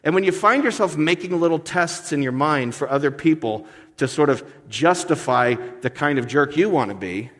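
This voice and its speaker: A man's voice: fairly high pitch, normal speed, few pauses. Man preaching in a reverberant hall. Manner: lively preaching with acted-out voices and self-deprecating humor. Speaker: pastor. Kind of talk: sermon.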